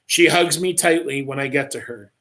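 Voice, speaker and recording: A man reads a first-person story aloud on a livestream, in a dramatic style broken by offhand asides. His voice sits fairly high and sounds bright and forceful. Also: moderate pace. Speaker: author reading his own story.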